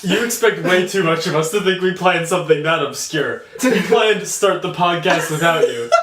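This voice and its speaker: A man's voice: a little high, normal speed, fairly bright tone, distant mic. A man co-hosting a podcast in casual chat, making wry, matter-of-fact remarks. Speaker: podcast co-host. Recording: roomy, off-mic, with clear noise.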